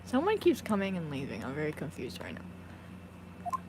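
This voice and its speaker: A woman's voice: low voice, huge pitch swings, normal speed, long pauses, a little hiss or hum. A young woman streamer chatting casually and poking fun at herself while playing a game. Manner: giggly, self-mocking. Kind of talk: casual let's-play commentary.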